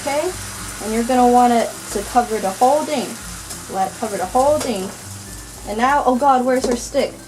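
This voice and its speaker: High-voiced, foul-mouthed young woman cooking. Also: normal speed, noisy background. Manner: chatty, crude, swearing freely; easily disgusted, grumbling. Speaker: cooking vlogger. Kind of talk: casual cooking tutorial. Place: home kitchen.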